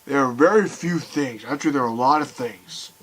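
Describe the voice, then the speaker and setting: A young man ranting heatedly to camera, swearing often and swinging between loud outbursts and quiet bitterness. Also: mid-range voice, a little fast, rough recording. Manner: heated, swearing, voice rising and falling sharply. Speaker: video commentator. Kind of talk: angry rant to camera.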